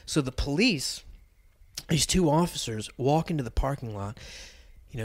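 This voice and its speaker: A man telling a long story in casual, profane chat, animated and often laughing. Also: medium pitch, moderate pace, no room sound.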